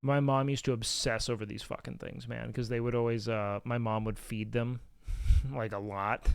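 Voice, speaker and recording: A man streaming, telling rambling, profane stories in a casual, animated way on a close mic. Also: medium pitch, moderate pace, creaky, clean tone, no echo. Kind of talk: casual storytelling chat.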